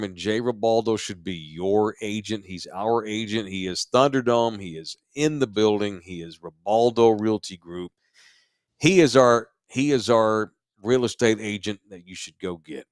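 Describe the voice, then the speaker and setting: A man's voice: medium pitch, no echo, studio quality. A man co-hosting a podcast, talking in a loose, rambling, jokey way. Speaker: podcast co-host. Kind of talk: casual chat.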